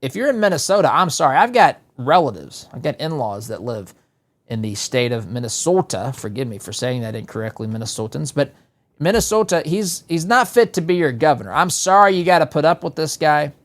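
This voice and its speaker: A man's voice: on the high side, animated, a little fast. A man hosting a political talk show, commenting in a sarcastic, exasperated way. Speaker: talk radio host.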